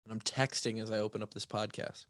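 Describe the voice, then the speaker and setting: A man's voice: lowish voice, level tone, fast talker, dry recording. A man hosting a fitness podcast alone, talking casually with restarts, asides and frequent "right?", a bit tired. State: tired, yawning. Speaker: podcast host and fitness coach. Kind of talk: casual solo podcast talk.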